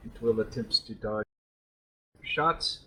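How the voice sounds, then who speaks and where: A man's voice: lowish voice, slow pace, bright, forceful tone, slightly rough. A man acting as game master, narrating a tabletop combat and thinking aloud between rulings.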